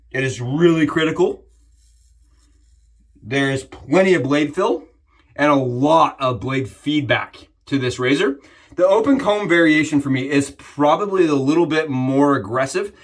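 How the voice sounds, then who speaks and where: Chatty young man vlogging his shave. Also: on the high side. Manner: chatty, keeps calling viewers "guys". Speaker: shaving vlogger. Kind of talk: casual talk to camera while shaving.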